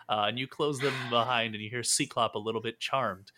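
A man narrating as game master of a tabletop game, relaxed, with many filler uhs. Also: medium pitch, a little fast, background noise.

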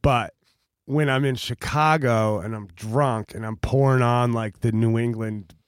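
A man's voice: mid-range voice, steady tone, unhurried, clean tone, no room sound, studio quality. A man chiming in with wry asides as he and his partner tell a story in casual chat. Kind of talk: casual anecdote.

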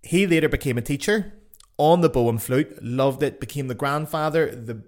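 A young man with a Northern Irish accent, hosting his own podcast in casual, excitable talk that swears freely and jumps about in pitch. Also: moderate pace. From Northern Ireland. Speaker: podcast host, flutist. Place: home in Cologne.

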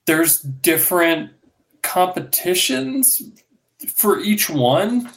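A man on a casual podcast, explaining things haltingly with many fillers. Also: sits high, very animated, vocal fry, a bit bright. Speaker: podcast co-host. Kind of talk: casual chat.

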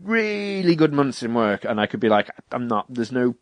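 In a dry recording, a young British podcast co-host speaks at a moderate pace with a medium pitch and big swings in intonation. The talk is a casual chat in which he wanders through anecdotes, voices other people's words, and laughs frequently.

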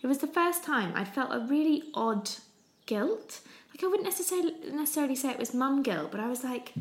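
A woman, chatting expressively about new motherhood. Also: sits high. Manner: chatty, expressive, quick laughs. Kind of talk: casual chat.

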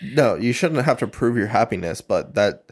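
A man's voice: mid-range voice, lively intonation, normal speed, breathy edge. A man co-hosting a casual book podcast, laid-back, with dry reactions and many short agreements. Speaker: podcast co-host.

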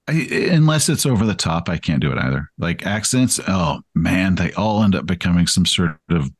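A man's voice: low voice, lively intonation, moderate pace, dry recording. A man chatting as a podcast guest, rambling and self-deprecating, with frequent restarts. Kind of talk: casual interview chat.

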